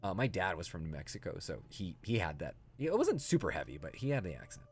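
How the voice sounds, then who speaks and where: A man's voice: deep voice, huge pitch swings, fast talker, slightly rough. A man streaming a video game, chatting casually and answering his chat as he plays. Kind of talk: casual gameplay commentary.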